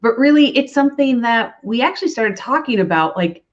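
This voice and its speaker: A woman's voice: fairly high pitch, expressive, a little fast, highs cut off. A woman from Minnesota, a guest coach, speaking upbeat in a casual live-stream chat over a video call.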